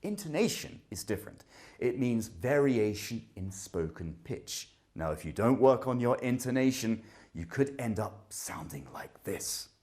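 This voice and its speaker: Low, mellow male speaking teacher. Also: expressive, measured pace, slight background noise. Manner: emphatic, explanatory. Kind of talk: scripted speaking lesson.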